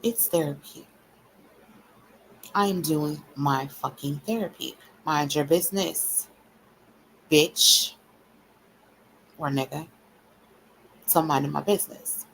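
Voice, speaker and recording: Blunt, gravelly-voiced woman ranting on stream. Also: low-pitched, slow, pauses often, a bit bright, slight background noise, poor audio. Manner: blunt, profane, confrontational; repetitive, taunting cadence. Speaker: livestream host. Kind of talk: ranting livestream monologue.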